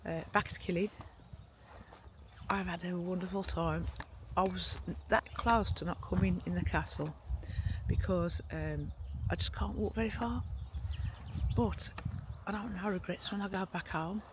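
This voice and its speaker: A woman's voice: lowish voice, measured pace, background noise. A woman chatting casually to camera outdoors in a rambling, gushing way, speaking a bit oddly because she is cold. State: cold, shivering speech. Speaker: motorhome vlogger. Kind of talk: casual vlog chat to camera. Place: outdoors at a castle.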